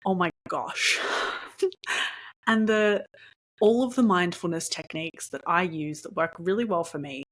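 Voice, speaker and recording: A young adult woman hosting her own podcast, telling a story in a chatty, animated way, laughing often and dropping in lots of ums. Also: fairly low pitch, a little slow, long pauses. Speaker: podcast host. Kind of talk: casual storytelling monologue.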